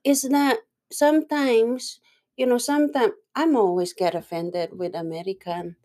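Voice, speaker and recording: A woman with a Filipino accent whose first language is Tagalog, chatting casually and emotionally with halting phrasing and frequent laughs. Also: fairly high pitch, mellow. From Philippines. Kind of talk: casual chat.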